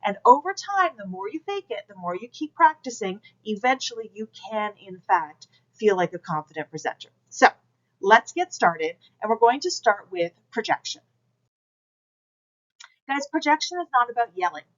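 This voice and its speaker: A woman instructor speaks to her class through a camera, coaching and direct in a slightly high voice. The recording is dull and lo-fi, like a plain lecture video. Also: very animated, moderate pace. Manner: direct, coaching, demonstrates projection aloud. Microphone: camera mic.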